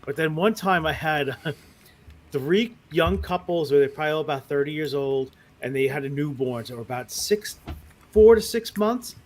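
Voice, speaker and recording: A man's voice: fairly high pitch, normal speed. A man telling rowdy, profane stories in a casual podcast chat, often laughing as he goes. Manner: animated, profane, laughs through his stories. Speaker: podcast guest who works as a mall Santa.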